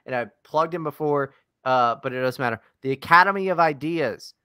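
A man's voice: a little high, fairly quick, sharp tone, clear, resonant tone, no room sound, clean studio sound. A man co-hosting a podcast in casual chat, teasing and swearing in jokey banter. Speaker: podcast co-host.

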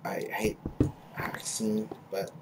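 A man's voice: slow, in a whisper, rough recording. A young man rambling through casual game commentary, with lots of fillers and self-mocking asides. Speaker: gaming channel host. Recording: loud background noise, mouse clicks.

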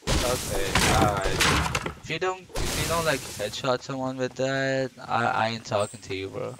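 A man's voice: medium pitch, normal speed, vocal fry. A man streaming a game on a headset mic, chatting casually and teasing his teammate, saying "bro" all the time. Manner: slangy, teasing, says "bro" constantly. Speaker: streamer playing online. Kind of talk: casual gaming chat. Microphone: gaming headset. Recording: loud background noise.

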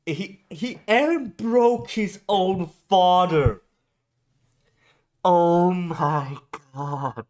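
Man, reaction video host, excitable, high-pitched, slow-paced, drawn-out exclamations, stumbling restarts. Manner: stumbling restarts when agitated. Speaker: anime reaction channel host.

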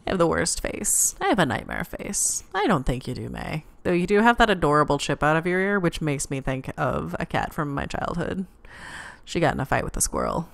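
A woman's voice: deep voice, gravelly, dry recording. A woman playing a video game, reading its dialogue aloud with playful commentary. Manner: playful, reads characters in varied voices. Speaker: let's play gamer. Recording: faint game music behind.

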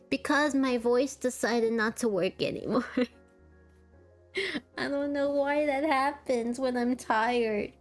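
A woman streamer in a casual chat with her live chat, tired and with a sore throat, soft-spoken and laughing often. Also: sits high, takes it slowly, soft background music. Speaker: VTuber streamer.

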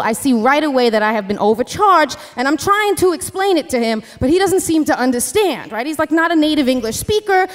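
A woman telling a story live on a theater stage, fast and chatty, full of "like" and "you know.". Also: high-pitched. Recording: live theater hall reverb, faint music.

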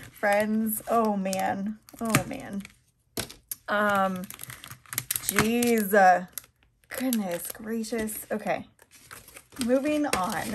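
A woman's voice: a little high, a little hiss or hum. A woman talking casually to her camera as a nail polish vlogger, flustered and rambling, with frequent laughs.

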